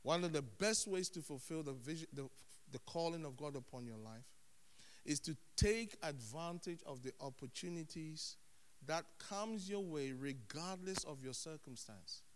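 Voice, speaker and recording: A man preaching a sermon as a pastor, animated, dropping to hushed tones and then rising loud. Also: a little high, normal speed, a little hiss or hum. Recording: long hall reverb.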